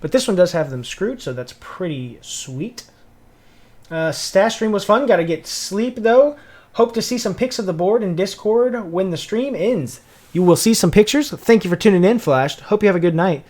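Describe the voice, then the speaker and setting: His voice sits high and is a little mellow, with lively intonation and a moderate pace. Hailing from Tennessee with a Southern accent, he works on a livestream, laid-back as he greets viewers and hums and mutters to himself.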